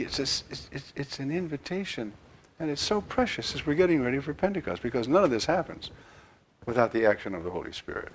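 An older man preaches a sermon as a priest, his lowish voice gravelly and husky, with slight background noise. His delivery is animated and conversational, full of restarts.

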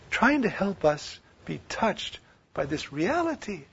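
A man preaching a sermon, swinging from loud declaiming to hushed near-whispers. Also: high voice, big pitch swings, slow pace, gravelly, slight background noise. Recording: dull lo-fi recording.

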